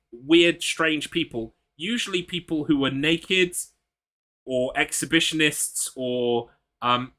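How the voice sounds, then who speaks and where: A man's voice: a little high, pushed and bright. A man, giving casual commentary while streaming a game and chatting with viewers in a wry, sweary way.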